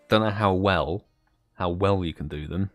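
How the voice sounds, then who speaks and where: A man's voice: low voice, dry recording. A young British man hosting a live stream, chatting casually and greeting viewers by name. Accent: British English. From United Kingdom. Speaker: livestream host.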